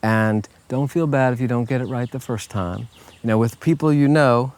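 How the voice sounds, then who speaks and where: A man giving a casual motivational talk as a life coach, relaxed and folksy, often checking in with "okay?" and jumping his pitch up when he acts out other people's lines. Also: moderate pace. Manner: relaxed, folksy, peppered with "okay?" and "you know"; acts out quoted voices in a higher pitch.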